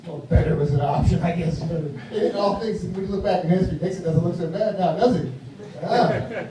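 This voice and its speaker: A man in his fifties from the United States does mumbling, rambling stand-up at a live comedy club, his voice sitting high at a moderate pace. The sound is heavily echoey, with faint noise, and he seems far from the mic.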